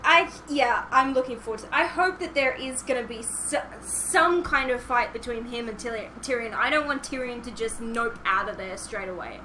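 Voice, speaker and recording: A young woman co-hosting a casual podcast, chatty and quick to laugh. Her voice is bright and sits a little high. A faint hiss runs under the recording. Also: poor audio. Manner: chatty and enthusiastic, laughs often. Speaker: podcast co-host. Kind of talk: casual chat.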